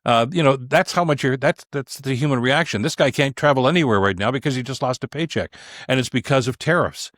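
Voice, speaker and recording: A man who talks quickly and with emphasis, piling on points in an animated way. His voice sounds close and dry. He is a podcaster speaking as a guest on a conversational show. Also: medium pitch, no echo. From Canada. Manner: emphatic, animated, repeats words when starting a point. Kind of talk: conversational opinion talk.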